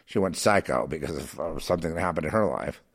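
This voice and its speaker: A man's voice: extremely low pitch, expressive, fast talker, creaky, breathy edge. A man in a rambling rant with many restarts and repeated fillers. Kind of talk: ranting commentary.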